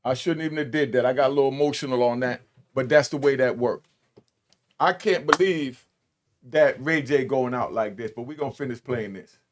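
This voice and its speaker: A man's voice: mid-range voice, slight background noise. Blunt streetwise man commenting. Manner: blunt, emphatic streetwise talk, drawn-out stresses. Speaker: commentator reacting to played clips. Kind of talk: casual reaction commentary.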